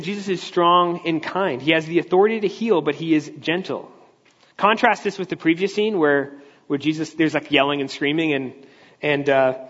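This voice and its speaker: A fairly high-voiced man preaching in a big church, talking through the text in an easygoing, explanatory way and often restarting his sentences. The sound rings with long reverb from the hall and is somewhat dull and muffled. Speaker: pastor. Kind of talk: conversational sermon.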